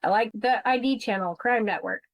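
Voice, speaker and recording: A woman's voice: fairly high pitch, normal speed, no echo, rough recording. A woman guest who investigates insurance fraud, telling her story bluntly and emotionally on a podcast interview. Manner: blunt, emotional, swears freely.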